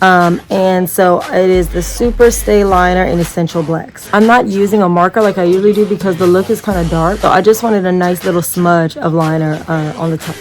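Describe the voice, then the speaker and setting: A woman's voice: lowish voice, poor audio. A woman chatting casually and rambling through a makeup tutorial, talking straight to her viewers as y'all. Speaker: makeup vlogger.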